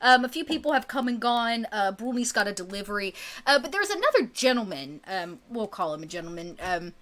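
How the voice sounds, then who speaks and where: A woman's voice: mid-range voice, sing-song, a little fast, fairly bright tone. A woman narrating as game master in a tabletop game, chatty and filler-laden. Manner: chatty, full of fillers and laughs.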